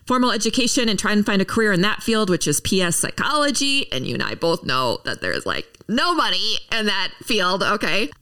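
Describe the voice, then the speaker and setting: Far from the mic, a female podcast host with a bright, forceful, mid-range voice opens her show with an upbeat monologue. She speaks to her listeners in a chatty, encouraging manner.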